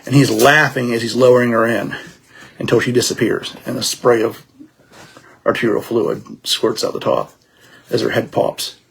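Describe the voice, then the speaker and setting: A man's voice: medium pitch, steady tone, normal speed, vocal fry, fairly bright tone, slightly rough. A man as dungeon master, narrating a streamed tabletop game in vivid, gory detail.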